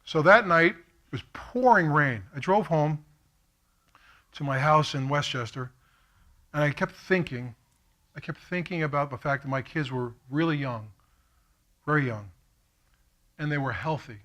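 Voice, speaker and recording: A middle-aged man, giving an impassioned keynote speech as a story, acting out the voices of others and moving from hushed to fervent. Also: a little high, unhurried, pauses often. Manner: animated, quotes himself and others, swings from hushed to fervent. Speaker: keynote speaker. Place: lecture hall at a college.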